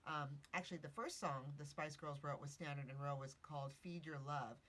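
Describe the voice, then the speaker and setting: A woman's voice: deep voice, a little fast, a bit bright. A woman hosting a casual podcast. She tells a story while reading from notes, correcting herself and adding chatty asides. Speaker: podcast host.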